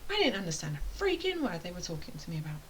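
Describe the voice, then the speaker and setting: A woman's voice: fairly low pitch, huge pitch swings, fast, rough recording. A British woman talks straight to her students as an online course tutor. Her delivery is loose, rambling and playful, and she often stops herself mid-sentence. A faint hiss sits under her voice. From United Kingdom. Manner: rambling, self-interrupting, playful. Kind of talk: casual chatty explainer.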